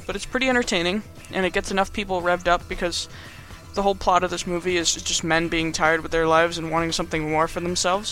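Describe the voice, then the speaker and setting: A man's voice: high-pitched, pushed and bright. A young man giving a casual, rambling movie recap in slangy speech full of fillers. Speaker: video host.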